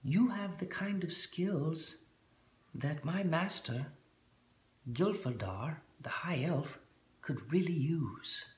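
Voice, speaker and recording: A man voicing a scheming male gnome messenger in a slow, breathy, high half-whisper. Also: expressive, roomy sound. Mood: secretive.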